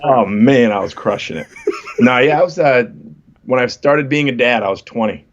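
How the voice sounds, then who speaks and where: Man, fifties, comedian guest, casual podcast chat, relaxed storytelling, mid-pitched, muffled lo-fi audio. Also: moderate pace, a little hiss or hum. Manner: laid-back storytelling, self-deprecating jokes.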